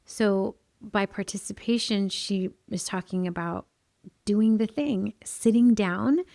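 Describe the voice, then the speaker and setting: A woman with a soft lilt gives an earnest, emotional personal monologue as host of her own show. Her voice is mellow with a gravelly edge, and the recording is dry and close. She leans on repeated phrases for emphasis. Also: medium pitch, takes it slowly, dry recording. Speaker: podcast host.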